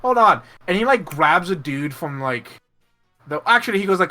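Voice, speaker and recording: Game master man, bright tone, slightly high; rambling, laughing narrator with faint music under. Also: animated, moderate pace. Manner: rambling, laughing, lots of fillers and restarts. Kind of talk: narrating a tabletop game, voicing NPCs in passing.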